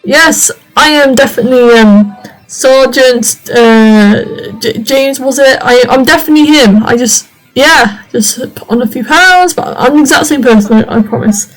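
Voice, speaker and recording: A woman's voice: sits high, moderate pace, faint music behind, close to an everyday voice, poor audio. Woman doing a stammering nervous big guy. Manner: stammering, nervous throat-clearing. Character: big clumsy nervous male brute in disguise.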